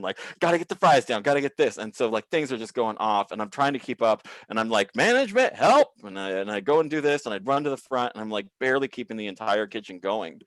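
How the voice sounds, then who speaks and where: A male comedian telling work stories over a video call, animated and swearing freely, acting out quoted people in raised voices. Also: low-pitched, no echo. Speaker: comedian guest.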